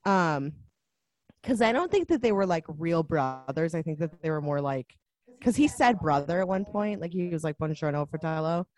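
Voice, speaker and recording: A woman's voice: on the low side, sing-song, normal speed, darkish tone. A woman co-hosting a podcast, chatting casually about a movie, rambling with lots of fillers and restarts. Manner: rambling, many fillers and restarts, laughs often. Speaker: podcast co-host.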